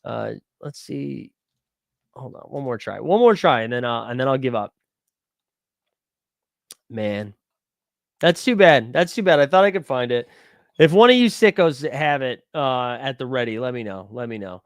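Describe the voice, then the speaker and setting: A man's voice: medium pitch, expressive, moderate pace, vocal fry, pauses often, no echo, clean studio sound. A young man hosting a live stream, rambling casually and joking with his chat as he searches for something. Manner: rambling, jokey, talks to chat while searching. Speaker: livestream host.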